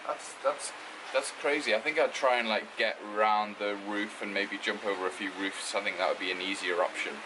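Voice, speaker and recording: A man's voice: fairly low pitch, steady tone, moderate pace, background noise. A man with a Geordie accent chatting casually as a travel vlogger while walking around a city outdoors, loose and rambling with lots of fillers. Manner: chatty, loose, says "like" a lot. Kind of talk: casual travel vlog narration.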